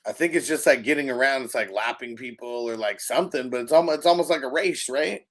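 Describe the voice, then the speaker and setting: A man's voice: mid-range voice, fast, fairly bright tone, slight background noise. Laughing, profane male podcast co-host. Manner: laughs often, swears, reads out chat comments. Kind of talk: casual chat.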